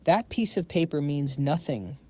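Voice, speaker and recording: A man's voice: a little high, expressive, measured pace, dark tone, no echo. A man voicing a proud woman scientist who pleads with her ex-husband in an earnest manner. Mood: cold.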